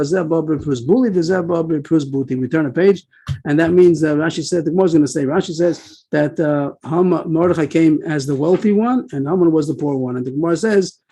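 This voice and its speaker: A man teaching a Talmud class over a video call, rattling off the text quickly and then explaining it with many pauses and fillers. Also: on the high side, mellow, low-quality recording.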